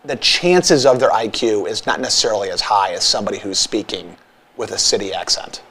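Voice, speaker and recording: A man's voice: fairly low pitch, a little fast, bright, forceful tone, husky. A man co-hosting a radio show, chatting casually in a blunt, provocative, teasing way. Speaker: radio co-host. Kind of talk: casual studio banter.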